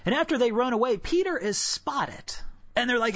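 Preacher, devotional sermon, chatty, hushed whispers, dry dull recording. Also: mid-range voice, lively intonation, moderate pace, no echo. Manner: conversational, drops to a hushed whisper for solemn points.

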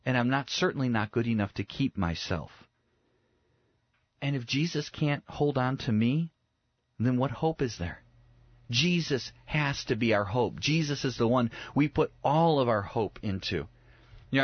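A middle-aged man preaching as a pastor, telling a personal story in a lively way and acting out his own reactions. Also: medium pitch, dry recording. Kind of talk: storytelling sermon. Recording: dull lo-fi radio recording. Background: faint guitar music.

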